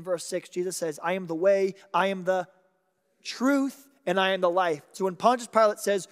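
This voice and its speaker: A man's high, bright voice carries through a large church hall with a long, ringing reverb. He preaches with dramatic swings, dropping to near-whispers and then rising to loud, emphatic declarations. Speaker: pastor. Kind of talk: sermon.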